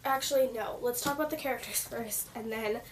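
A woman giving a casual book talk, gushing and rambling, her voice croaky as she loses it. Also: fairly high pitch, a little fast. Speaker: book reviewer. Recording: slightly distant mic with faint noise.

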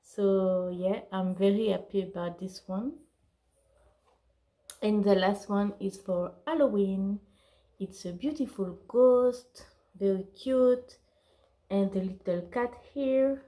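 Slow, halting woman with a mellow voice. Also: medium pitch, poor audio. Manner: halting, searching for words; apologetic. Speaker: vlogger. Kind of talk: casual haul video.

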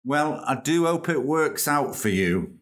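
A man's voice: fairly high pitch, animated, a little slow. A British man hosting a comedy podcast, reading an article aloud with jokey puns and asides. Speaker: podcast host.

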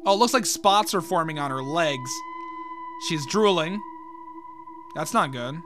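A man with a high voice reads a horror comic aloud and drops casual reactions between the lines. Steady music plays under him throughout. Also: unhurried, pauses often. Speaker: YouTuber.

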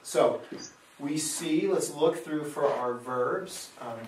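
A man's voice: fairly high pitch, takes it slowly, slight background noise. Male Latin teacher, patient questioner, roomy sound, mic set back. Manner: patient, asks questions and confirms answers. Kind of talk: classroom lesson, scanning verse aloud. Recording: echoey room, mic far off.

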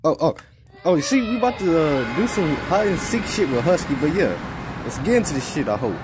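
Profane, excitable man with a lively voice. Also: on the high side, moderate pace. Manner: profane, excitable, trash-talking. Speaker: gaming YouTuber. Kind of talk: casual let's-play commentary. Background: game music.

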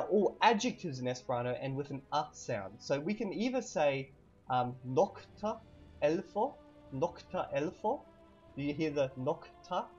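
A man teaching vocabulary in a casual lesson, repeating each word slowly with fillers. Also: medium pitch, a little mellow, highs cut off. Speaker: language teacher.

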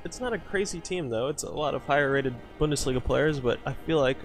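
A man's voice: fairly high pitch, a little fast, faint music behind. A man giving live commentary over his own soccer video game match as a channel host, cheering on his players and talking to his viewers as "boys".

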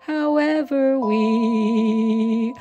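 A woman's voice: very slow, dark tone, lo-fi sound. A woman voicing a theatrical old-timey woman tavern keeper who talks up her wares in archaic phrases, half singing, with music behind. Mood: hammy sales pitch. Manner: theatrical, archaic wording, half-sung pitch. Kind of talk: live-stream role-play.

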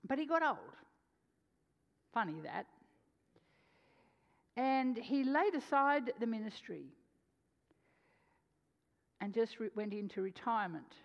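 A woman preacher telling a story in a sermon, animated, swinging between loud and hushed delivery. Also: on the high side, slow pace, gravelly, pauses often. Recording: dull lo-fi sound with long hall reverb.

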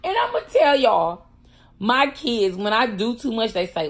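Animated, laughing woman telling a story. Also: fairly high pitch, measured pace. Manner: animated, slangy, laughs often, talks straight to viewers. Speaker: pastor and prison wife. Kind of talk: casual storytelling vlog.

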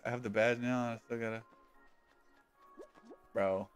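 A man's voice: mid-range voice, steady tone, measured pace, clear, resonant tone, soft background music. A man streaming a game live, chatting loosely with viewers, swearing freely and calling them by nicknames. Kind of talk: casual live-stream chat while gaming.

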